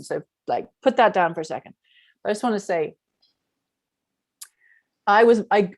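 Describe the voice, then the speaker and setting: A woman's voice: low-pitched, a little mellow, no echo. Frank, rambling middle-aged woman. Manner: frank, rambling, heavy use of "like". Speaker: spiritual workshop teacher. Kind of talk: candid personal storytelling to an online class.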